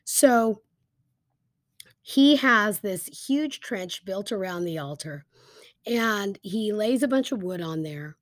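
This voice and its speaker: A woman teaching a Bible story in a casual, lively storytelling way, with frequent fillers like "um" and "like". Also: mid-range voice, takes it slowly, dry recording, clean studio sound.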